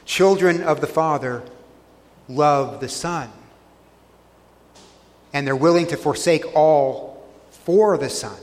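A man's voice: a little high, slow pace, pauses often, darkish tone, long reverb tail. A man preaching a sermon, earnestly retelling scripture scenes and pressing each point with emphasis. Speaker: pastor.

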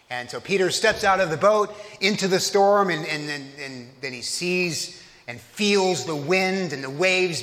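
At a church service, a man with a slightly high, sharp voice preaches a sermon, telling the story conversationally and putting questions to his listeners. A long reverb tail trails his words.

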